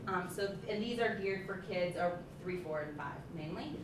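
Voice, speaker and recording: A woman presenting a hands-on workshop to early childhood teachers, lively and encouraging, often saying um. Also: lowish voice, moderate pace. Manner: lively, encouraging, with frequent ums. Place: large room with a group. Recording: echoey, distant, noisy room recording.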